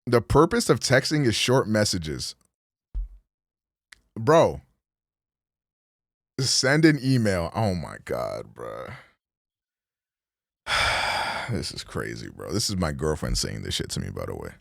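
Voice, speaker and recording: A man streaming a casual, profane reaction commentary, rambling and animated. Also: sits low, slow, creaky, pauses often, no echo, studio quality. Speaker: streamer host.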